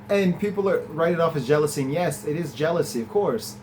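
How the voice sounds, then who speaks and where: A man hosting a podcast, recapping and reviewing an episode in a casual, enthusiastic way, laughing often and letting his pitch jump up when he gets excited. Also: a little fast, hardly any pauses, slight background noise, low-quality recording. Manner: chatty and enthusiastic, laughs often, swings from low to high pitch.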